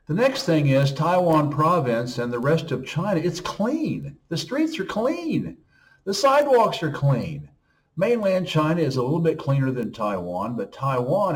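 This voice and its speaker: A man's voice: fairly high pitch, sing-song, a little slow. Emphatic man in his 60s, slightly distant mic. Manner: emphatic, listing points one after another. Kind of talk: casual monologue.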